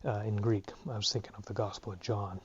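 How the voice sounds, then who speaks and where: A man with a low, flat voice talks through a Greek grammar lesson late in the evening, sounding tired. He thinks aloud, restarting sentences and filling gaps with ums and uhs. The recording is dull and lo-fi. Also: quick pace, slight background noise. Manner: casual, thinking aloud with many fillers. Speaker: Greek teacher. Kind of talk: unscripted lesson.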